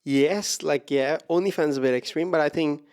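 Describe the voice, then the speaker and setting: A man's voice: a little high, a little fast, darkish tone, smooth. A man who works as a stand-up comedian, a guest on a podcast, bantering loosely and swearing freely. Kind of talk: casual podcast chat.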